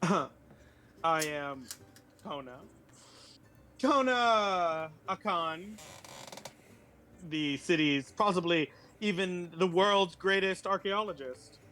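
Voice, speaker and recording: A man with a slightly high voice plays his character in a tabletop game, grand and theatrical. A faint hiss of noise sits behind him. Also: slow, sharp tone. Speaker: player. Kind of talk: in-character tabletop role-play.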